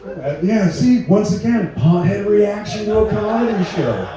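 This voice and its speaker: A man's voice: high-pitched, sing-song, measured pace, crowd noise. A man in his forties doing a stand-up comedy set, rambling and profane in a laid-back way. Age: 40s. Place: large echoey room at a live show. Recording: echoey room, voice from far off.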